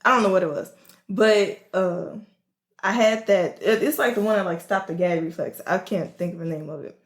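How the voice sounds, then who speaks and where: A woman's voice: fairly low pitch, moderate pace, reverberant. A woman co-hosting a podcast in casual chat, giggly and teasing. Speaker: podcast co-host.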